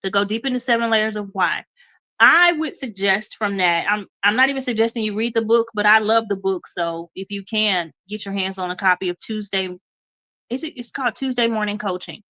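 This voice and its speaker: Bright-voiced woman radio host, stuffy. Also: mid-range voice, a little fast, highs cut off. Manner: encouraging, addresses listeners as y'all, repeats okay. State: a little stuffy, congested. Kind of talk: motivational talk.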